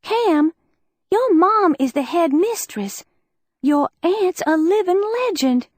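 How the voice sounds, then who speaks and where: A woman voicing a high, agitated teenage schoolgirl. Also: animated, slow, darkish tone, no room sound, full character voice. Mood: impassioned. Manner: raised, cracking, emotional outbursts. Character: upset teenage schoolgirl, bright and insecure. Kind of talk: audiobook character voice.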